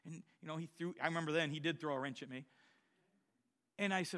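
A middle-aged man preaching a sermon, telling personal stories and swinging from quiet storytelling to loud exhortation. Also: fairly high pitch, fast. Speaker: pastor.

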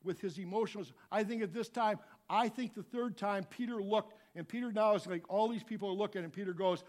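Animated preacher man, fairly high voice. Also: fairly quick. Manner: animated, swings from quiet asides to loud shouts. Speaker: pastor. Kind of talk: sermon.

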